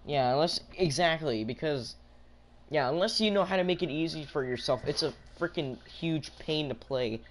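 A man's voice: on the high side, normal speed, slight background noise. A man giving live gameplay commentary, ranting in frustration and answering chat.

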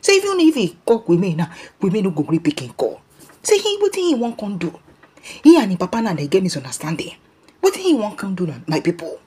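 Nigerian female gossip vlogger, husky mellow voice, lively street-talk delivery. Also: medium pitch, fast talker. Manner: animated, keeps calling out "my people", mixes Pidgin and English. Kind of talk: casual celebrity gossip commentary.

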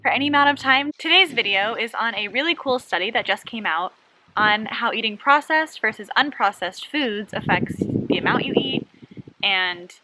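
A woman researcher casually explaining a scientific study, talking quickly and enthusiastically while lying in a hammock outdoors. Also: a little high, heavy background noise. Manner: fast talker, animated and enthusiastic.

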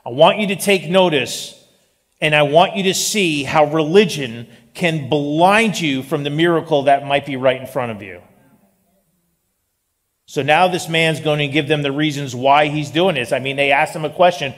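A male pastor preaching a sermon in an animated style, with joking asides. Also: fairly high pitch, normal speed. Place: church sanctuary. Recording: long reverb of a large hall.

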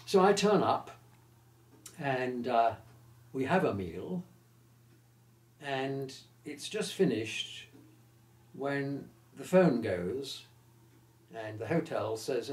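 Elderly male raconteur in his eighties, mid-pitched, lively, recorded in a roomy echo. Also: slow, long pauses. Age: 80s. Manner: lively raconteur who acts out the quoted voices. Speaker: interviewee recalling his career. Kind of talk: anecdotal storytelling.

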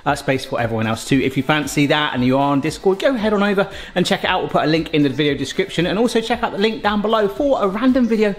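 A man's voice: high-pitched, fast, few pauses. A British man hosting a casual cooking vlog, chatty and enthusiastic, exclaiming as he tastes. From Britain. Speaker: cooking vlogger.

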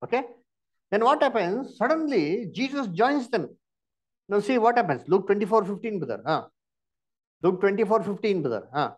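A man's voice: sits high, big pitch swings, normal speed. A man with an Indian English accent teaching a Bible lesson, firing questions and prompting answers with "huh?".

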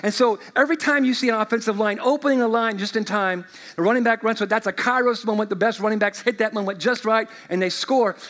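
A man preaching from the pulpit in a high, light voice. He moves from loud, rising proclamations to quiet, conversational asides full of everyday examples. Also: steady tone, fast talker. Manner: chatty, uses sports illustrations and fillers. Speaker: pastor. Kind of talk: sermon.

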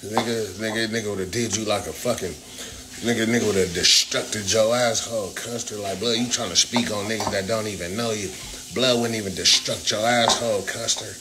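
A man from Los Angeles hosting a livestream, trash-talking and roasting a viewer loudly. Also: on the low side, fairly even intonation, fairly quick. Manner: loud, profane, taunting. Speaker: livestream host. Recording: noisy phone livestream.

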